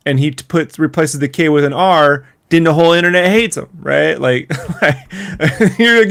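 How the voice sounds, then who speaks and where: A man's voice: on the high side, moderate pace, vocal fry, fairly bright tone, no echo, clean studio sound. A man co-hosting a podcast, chatting casually, joking and swearing, laughing often. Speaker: podcast co-host. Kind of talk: casual chat.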